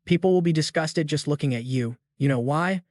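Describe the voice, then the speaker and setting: A man's voice: fairly high pitch, a little fast, darkish tone, no room sound, studio quality, natural voice. A man voicing an arrogant, spoiled young woman in a comic recap, haughty and sneering.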